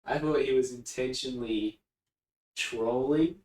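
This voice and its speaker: A man's voice: mid-range voice, fairly even intonation, measured pace, darkish tone. A chatty man from England on a live stream, drifting between topics and wandering from his point. His voice sits back from the mic and rings around a bare, roomy space. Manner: rambling, easily distracted, chatty. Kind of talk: casual chat. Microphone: desk mic, often spoken from a distance. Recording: roomy echo, distant from mic.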